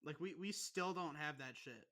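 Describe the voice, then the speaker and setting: A young man co-hosting a podcast, ranting with constant swearing in an animated, aggrieved way. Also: on the high side, moderate pace. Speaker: podcast co-host. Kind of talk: casual profane podcast rant.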